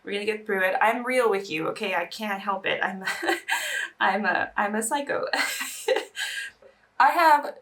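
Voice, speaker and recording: A woman's voice: medium pitch, brisk, few pauses, a bit bright, far from the mic. A young woman in casual get-ready-with-me chat, emotional and teary, sighing between bursts of chatter. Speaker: beauty vlogger. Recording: voice a little off-mic.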